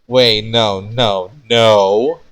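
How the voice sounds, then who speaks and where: A man's voice: fairly low pitch, normal speed, a bit bright, close to an everyday voice. A man voicing an anxious young man who frets about love and gets flustered easily. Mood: panicked. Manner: fretful, flustered.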